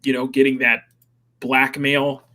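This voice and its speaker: A man's voice: medium pitch, level tone, unhurried, sharp tone. A man co-hosting a casual gaming stream, laid-back and repetitive, with small chuckles. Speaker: co-host. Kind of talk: casual chat on a live stream.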